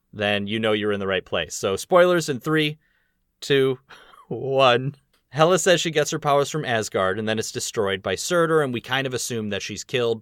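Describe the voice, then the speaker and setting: A man's voice: fairly low pitch, a bit bright, no echo, studio quality. A man hosting a podcast in casual chat, rambling and laughing easily between points. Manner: chatty, rambling, quick laughs. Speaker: podcast host.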